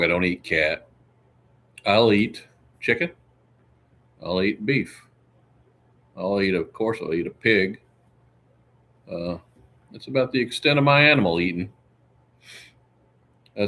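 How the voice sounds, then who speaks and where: A man's voice: low-pitched, animated, unhurried, pauses often, fairly bright tone. A man hosting a casual livestream, rambling through chat questions and answering them one by one. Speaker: livestream host.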